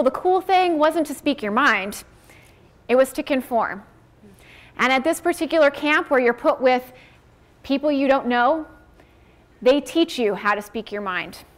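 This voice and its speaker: High-voiced woman telling a lively story. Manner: animated, acting out quoted voices. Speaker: career coach. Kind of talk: storytelling talk to an audience.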